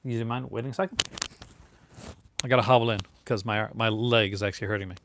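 A man's voice: on the low side, steady tone, fast talker, background noise. A man from Newfoundland with a Newfoundland accent, chatting casually and rambling through tangents as a streamer answering viewer chat. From Newfoundland, Canada.

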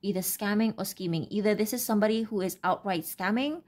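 Halting, rambling woman reading tarot. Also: medium pitch, darkish tone. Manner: rambling, halting, many fillers and restarts. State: brain fog, stuttering. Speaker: tarot reader. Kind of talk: casual unscripted tarot reading.

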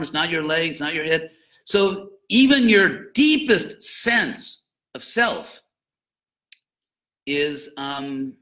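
Students hear an informal talk from an older man acting as their spiritual teacher, who mixes in jokes and animated emphasis. His voice sits high, and the recording is rough.

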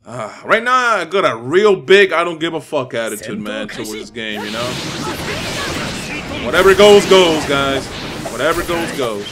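A young man doing live gameplay commentary, profane and trash-talking, with animated reactions. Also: mid-range voice, normal speed, hardly any pauses. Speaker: gaming commentator. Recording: loud game music behind. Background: game music.

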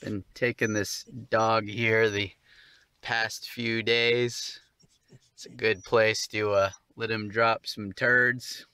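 A man's voice: lowish voice, flat delivery, takes it slowly, sharp tone, clear, resonant tone, no echo. A man vlogging casually, short on sleep, talking to his dog in an exasperated, swearing, mock-scolding way.

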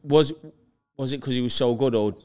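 A man's voice: mid-range voice, moderate pace, mellow, faint music behind. A man in his thirties hosting a podcast in casual banter, jokey and swearing freely. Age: 30s. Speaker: podcast host and boxer.

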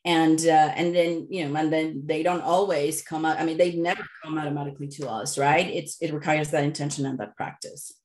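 A middle-aged woman coach giving an online workshop talk, chatty and lively, telling loose stories. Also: deep voice, fairly quick, few pauses.

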